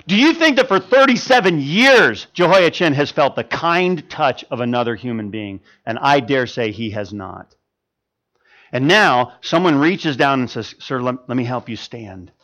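Animated, stammering male preacher. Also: high-pitched. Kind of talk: sermon storytelling.

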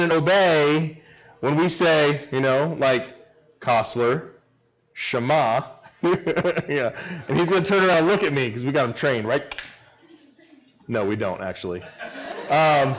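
A man in his thirties gives a sermon to children at a summer camp, with a voice that sits a bit high for a man. He talks to them playfully, teasing and joking. When he drives a point home he climbs well up in pitch and gets louder. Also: poor audio. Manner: lively, climbs in pitch and loudness when stressing a word; playful and joking with a young audience. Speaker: camp speaker.

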